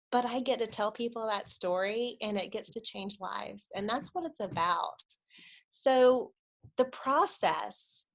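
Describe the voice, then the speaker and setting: A woman's voice: medium pitch, fairly bright tone. Thirties woman, conversational church speaker, earnest and direct with her listeners. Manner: earnest, conversational, addresses audience as guys and y'all. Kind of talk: informal church talk, webinar.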